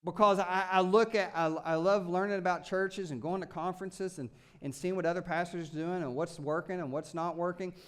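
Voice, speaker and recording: A male pastor preaching with a high, smooth and resonant voice. He talks in an animated way, shouting with excitement at one moment and dropping low and quiet the next. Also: a little fast, hardly any pauses. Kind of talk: sermon.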